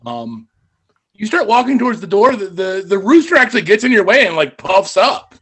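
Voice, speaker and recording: A man narrating as game master of a tabletop game over voice chat, wry and relaxed, often stopping to restart a sentence. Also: high-pitched, moderate pace, slightly rough.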